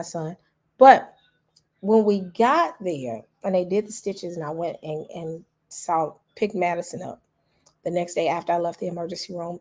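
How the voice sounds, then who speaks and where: Middle-aged woman vlog host, lowish husky voice, casual, heartfelt, repeats key lines to her viewers. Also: darkish tone. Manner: repeats phrases for emphasis, talks straight to the audience. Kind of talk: emotional casual commentary to viewers.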